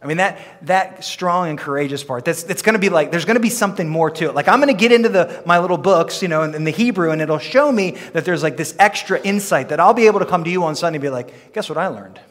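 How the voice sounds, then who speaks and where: A man's voice: high voice, lively intonation, quick pace, few pauses, fairly bright tone. Preaching man in an echoey church. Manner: conversational and playful with the congregation. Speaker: pastor. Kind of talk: sermon. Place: church sanctuary. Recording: long reverb of a church hall.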